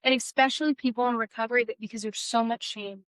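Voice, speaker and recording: Speaking fast in a higher, smooth, somewhat bright voice with fairly even intonation, a woman co-hosts a podcast with no echo in the recording. Her casual talk about recovery and shame is frank and blunt, with plenty of swearing and emphatic stress.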